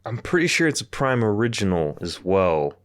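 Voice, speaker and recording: A man's voice: lowish voice, sing-song, normal speed, dry recording, clean studio sound. A man co-hosting a casual movie review podcast, laid-back and chuckling. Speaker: podcast co-host.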